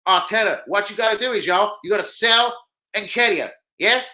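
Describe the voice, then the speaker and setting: A bright, forceful, hammed-up Southern drawl, as a man puts it on in a livestream. The voice sits a little high, punchy and teasing, each line leaning hard on its y'all. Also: moderate pace. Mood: jokey drawl. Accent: American Southern, put on. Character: man mimicking a drawling American Southern fan.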